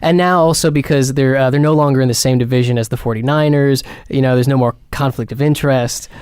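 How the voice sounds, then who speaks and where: A man, a comedian guest on a radio show, joking deadpan with lots of fillers, sounding a little sick with a cold. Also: medium pitch, quick pace, clear, resonant tone, dry recording, studio quality. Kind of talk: casual radio chat. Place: radio studio. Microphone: studio microphone.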